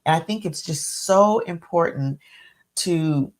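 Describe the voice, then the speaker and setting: A woman's voice: sits low, slow. A woman hosting a live solo talk on communication, speaking reflectively and often correcting herself as she goes. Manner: reflective, self-correcting, many restarts. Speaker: coach and podcast host.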